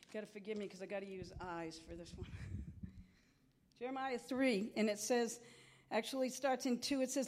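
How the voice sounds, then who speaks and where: A woman's voice: a little high, moderate pace, long pauses, darkish tone. A middle-aged woman pastor preaching a sermon in an impassioned, conversational way.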